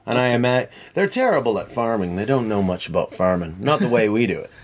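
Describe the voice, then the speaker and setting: A middle-aged man chatting as a podcast guest, rambling and tangential with animated storytelling. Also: mid-range voice, fast, slight background noise. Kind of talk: casual chat.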